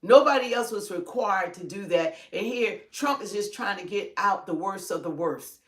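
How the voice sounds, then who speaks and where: A woman's voice: medium pitch, lively intonation, moderate pace. A woman co-hosting a livestream with opinionated political commentary. She is emphatic and keeps firing rhetorical questions. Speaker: livestream co-host. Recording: roomy echo.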